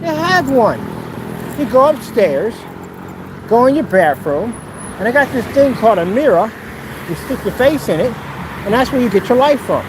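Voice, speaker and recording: A man's voice: very high-pitched, sing-song, normal speed, pauses often. A man talking casually while walking outdoors, mocking and teasing in a playful way. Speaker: vlogger. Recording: outdoor traffic noise.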